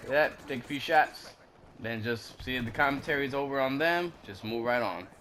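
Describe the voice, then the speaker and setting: A man's voice: medium pitch, moderate pace, fairly bright tone, a little hiss or hum. A man casually commenting over a video game walkthrough, laid-back and slangy, drifting into rambling asides. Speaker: gaming commentator.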